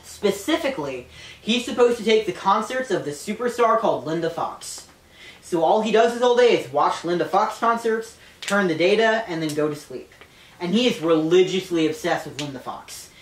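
Woman, casual storyteller, animated, swearing, lowish voice, echoey room, distant mic. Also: normal speed, a little hiss or hum. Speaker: podcast co-host retelling a novel. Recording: roomy, off-mic.

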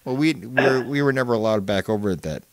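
A man's voice: lowish voice, animated, quick pace. A man in his fifties from Michigan, a host who rambles through stories and laughs easily in casual chat.

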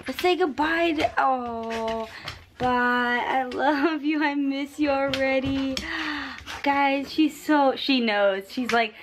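A woman vlogging casually to camera, bubbly and excitable, often gasping and giggling as she talks. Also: sits high, slow pace. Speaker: vlogger and streamer. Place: home room, then an airport terminal. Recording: noisy handheld vlog audio.

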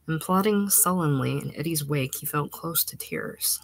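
A woman reading a short story aloud as audiobook narration, steady and even, sometimes sinking to a hushed near-whisper. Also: low voice, moderate pace, dry recording. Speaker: reader.

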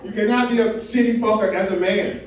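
A man's voice: high voice, steady tone, brisk. A stand-up comedian on a comedy club stage, working the crowd in a brash, profane way while acting out his bits. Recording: echoey live club from far off, loud crowd laughter.

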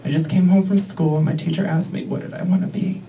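Guy doing a chirpy little girl talking to her dad, kinda high voice, sounds far off from the mic. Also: fairly even intonation, quick pace, gravelly, dark tone, slight background noise. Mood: innocent.

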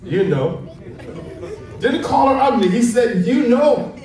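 A man preaching with a lively, swooping voice and a slow, deliberate pace, playful as he tells a story. He sounds distant in a very echoey hall with a faint hum behind him. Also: very high voice, a faint crowd. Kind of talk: sermon with a humorous story.

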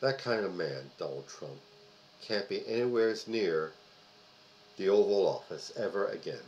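A man's voice: low-pitched, expressive, unhurried, darkish tone, dull audio, slight background noise. A man hosting his own commentary video, delivering an emphatic opinion monologue with repeated phrases for stress and frequent "uh" fillers. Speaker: host of a political commentary video.

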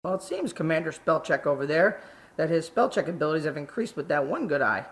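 A man's voice: on the high side, animated, fairly quick, fairly bright tone. A man's synthesized voice playing a sarcastic, short firefighter from Canada who needles the others, with hesitant fillers. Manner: mocking, with filler "uh" and "there".

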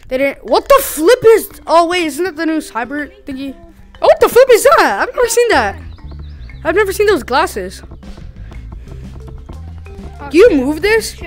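High, lively-pitched woman, excitable gameplay commentary, slangy exclaims. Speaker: gaming YouTuber.

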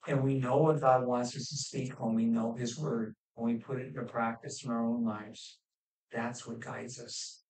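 Man preaching, halting with many fillers, mid pitch, roomy echo, a bit off mic. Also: little pitch movement, a little mellow. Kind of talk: expository sermon. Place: church hall. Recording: echoey room, mic at a distance.

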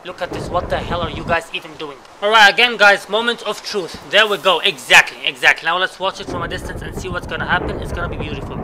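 A young man, a native Arabic speaker, giving excitable, swearing commentary while playing a game and reacting loudly to surprises. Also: high voice, fast talker, hardly any pauses, noisy background. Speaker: gaming YouTuber. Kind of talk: Minecraft let's play commentary.

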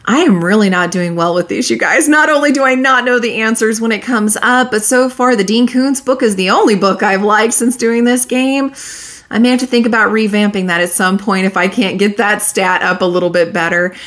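A woman's voice: mid-range voice, a little fast, a bit bright. A woman chatting candidly through her monthly book wrap-up, laughing often as she reviews. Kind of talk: casual monthly reading wrap-up.

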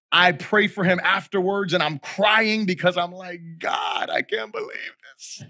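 A man's voice: high voice, bright, forceful tone. A man in his thirties, a pastor telling a family story with quoted dialogue, then building into emphatic preaching. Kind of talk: sermon. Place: church sanctuary.

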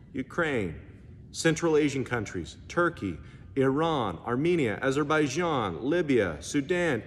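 A little hiss or hum sits under this recording of a male pastor from the US, whose voice is mid-range. He preaches in a church hall with echo and faint ambience, animatedly telling stories and voicing the characters' dialogue.

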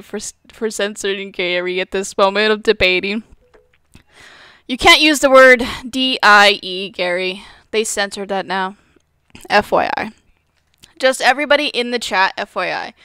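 A woman's voice: mid-range voice, bright, forceful tone, clean tone, no echo, clean studio sound. A young woman streaming a retro game live, chatting with her chat in a playful, teasing way with mock outrage and frequent laughter. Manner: giggly, laughs often. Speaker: gaming streamer.

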